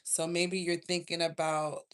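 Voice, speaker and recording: A woman with a Southern US accent, chatting casually through a live tarot reading from home, slangy and quick to laugh. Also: on the low side, flat delivery, slight background noise. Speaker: tarot reader.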